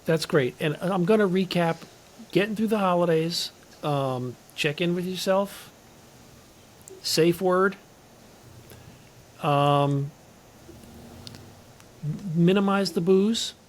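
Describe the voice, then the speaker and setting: A man's voice: high voice, slow pace, pauses often. A man hosting an interview show, friendly and conversational, thinking aloud with fillers and restarts as he recaps and asks questions. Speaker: show host.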